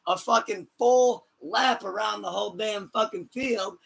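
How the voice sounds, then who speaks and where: A man hosting a podcast in casual chat, excitable and swearing, laughing often. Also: sits high, a little slow, gravelly, husky. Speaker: podcast host.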